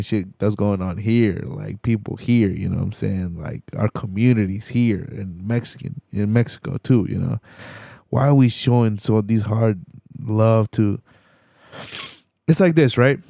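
Gravelly low-voiced man ranting casually. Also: dark tone, dry recording, studio quality. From Hispanic community in the US. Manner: laid-back slangy rant, swears a lot, laughs. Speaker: podcast host. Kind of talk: casual profane monologue.

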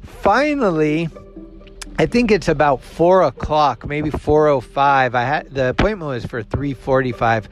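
A man telling a story in a casual monologue as a show host. He is animated, acts out the other people's lines, swears freely and laughs at himself. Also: on the high side, unhurried, faint music behind.

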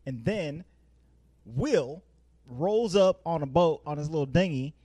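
A man in casual conversation, recapping a movie, playful and quick to laugh, with many fillers. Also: on the high side, animated, mellow, breathy edge, no echo.

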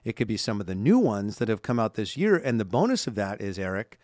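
A man's voice: on the low side, very animated, fast, darkish tone, dry recording, clean studio sound. A man co-hosting a casual chat show, talking enthusiastically about holiday films for a sponsor. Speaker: co-host.

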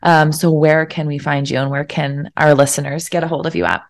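A woman's voice: deep voice, steady tone, fairly quick. A woman podcast co-host interviewing a guest, upbeat and encouraging with a teasing edge. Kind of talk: casual interview chat.

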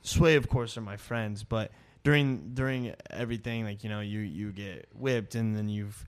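Hesitant man with a lowish voice. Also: fairly even intonation, clear, resonant tone. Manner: hesitant, halting, trails off mid-sentence. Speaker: guest. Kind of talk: casual podcast chat.

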